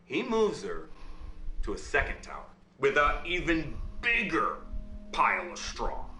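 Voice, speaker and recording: A man acting a father in a game, telling a fairy tale as a bedtime story with quick asides to his listener. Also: fairly high pitch, wildly swooping pitch, pushed and bright, roomy sound, slight background noise, exaggerated voice, poor audio.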